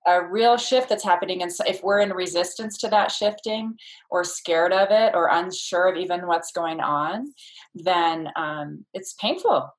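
A woman with a notably low voice speaks as a childbirth educator in a relaxed interview. She explains her ideas thoughtfully and circles back with fillers and restarts as she goes. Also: a little slow, rough recording. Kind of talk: casual interview conversation.

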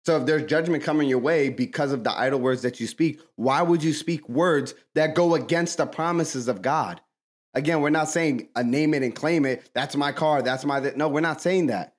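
A man with a slightly raised voice preaches forcefully on a faith podcast. He hammers each point through repetition. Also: fairly high pitch, moderate pace. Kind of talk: preaching-style faith talk.

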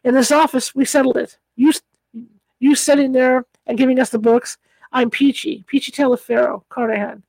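A woman's voice: high voice, steady tone, moderate pace, a little mellow, no echo, poor audio. A woman reading an audiobook, voicing a broken, ragged old male adventurer who pleads and falters. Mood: rambling, grieving.

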